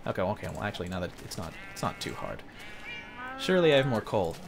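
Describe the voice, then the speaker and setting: A gaming commentator giving excitable let's play commentary, jumping from yelps to low mutters and laughing often. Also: quick pace, creaky, over music.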